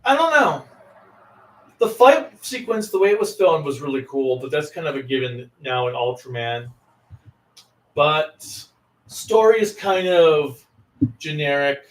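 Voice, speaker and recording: A man's voice: fairly high pitch, sing-song, unhurried, long pauses, a little hiss or hum. A man chatting casually in a lukewarm, hesitant way, with many fillers. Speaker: co-host. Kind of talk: casual reaction chat. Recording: echoey room, far from mic.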